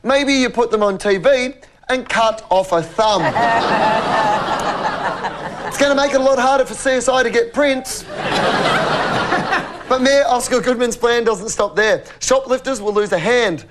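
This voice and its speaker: A man hosting a comedy panel, joking and teasing his guests. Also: very high-pitched. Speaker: host. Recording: noisy studio with loud audience.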